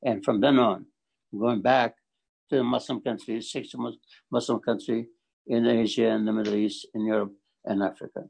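Halting older man with a gravelly voice. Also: mid-range voice, steady tone, a little mellow, poor audio. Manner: halting, repeats words, emphatic. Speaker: community forum speaker. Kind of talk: speech at a community forum.

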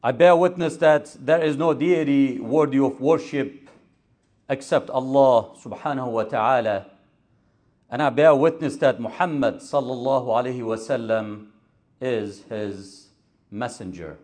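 A man delivering a Friday sermon as an imam, measured and emphatic, building on repeated phrases. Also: medium pitch, a little mellow. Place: mosque.

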